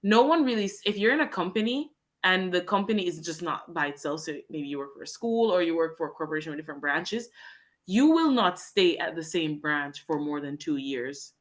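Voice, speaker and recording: Speaking fairly quickly in a low-leaning, expressive voice, a young woman from Jamaica describes teaching English in Japan. She's a guest in a podcast interview, and her candid storytelling is earnest and heartfelt, full of long, rambling sentences.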